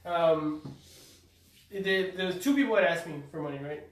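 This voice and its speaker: A young man in his twenties telling a slangy story on a podcast. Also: fairly high pitch. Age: 20s. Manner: quick-talking, slangy storyteller. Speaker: podcast co-host. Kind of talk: casual podcast banter. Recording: echoey room, far from mic.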